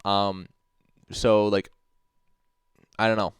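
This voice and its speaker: A man's voice: on the low side, little pitch movement, slow pace, smooth, dry recording. A man hosting a livestream, rambling in casual commentary with constant "like" fillers and swearing, answering chat messages as he goes. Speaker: livestream host.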